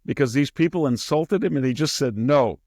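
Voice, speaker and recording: A man hosting a podcast, giving casual political commentary as an animated storyteller who slips into mimicking the people he quotes and chuckles mid-sentence. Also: a little high, fairly quick, no echo, studio quality. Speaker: podcast host.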